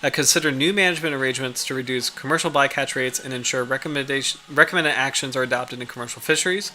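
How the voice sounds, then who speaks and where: Bright-voiced man hosting a livestream. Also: mid-range voice, quick pace. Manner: rambling, reads out study, chats with viewers; frequent fillers and restarts. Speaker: livestream host. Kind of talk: casual livestream reading and chat.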